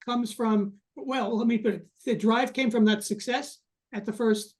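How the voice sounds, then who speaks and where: A man's voice: extremely high pitch, steady tone, measured pace. A man hosting an interview, casually affirming the guest and summing up his points. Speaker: host.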